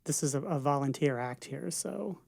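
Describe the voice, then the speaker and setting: A woman co-hosts a podcast with a wry, joking manner. Her voice is very low and full of gravelly fry. The sound is dry and close-miked. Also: moderate pace, a little mellow, no room sound. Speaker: podcast co-host. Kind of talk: casual interview chat.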